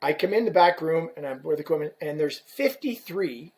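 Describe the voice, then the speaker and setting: A former equipment rep, appearing as a podcast guest, tells an anecdote in a casual way, animated and profane, swearing freely and acting out the dialogue. His male voice is on the high side and his delivery brisk.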